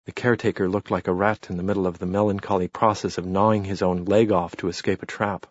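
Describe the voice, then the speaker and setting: A man narrating an audiobook in a calm, even storytelling manner. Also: low-pitched, fast, slightly rough, dry recording. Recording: dull, muffled recording.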